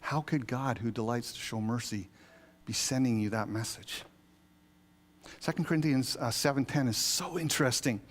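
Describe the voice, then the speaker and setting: A man, an associate pastor, preaching a sermon in a conversational yet emphatic way, with sudden swells of excitement. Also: mid-range voice, normal speed. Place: church sanctuary.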